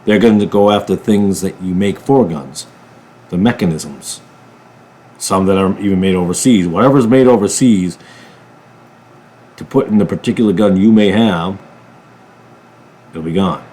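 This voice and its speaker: A man from a ministry channel giving a political commentary monologue, emphatic, jumping from loud bursts to low mutters. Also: moderate pace, pauses often, husky. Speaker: ministry preacher.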